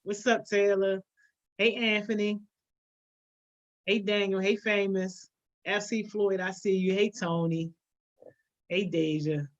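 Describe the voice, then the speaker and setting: A woman's voice: mid-range voice, steady tone, takes it slowly, long pauses, muffled recording. A woman hosting a live stream, upbeat and casual, greeting viewers one by one. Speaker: host.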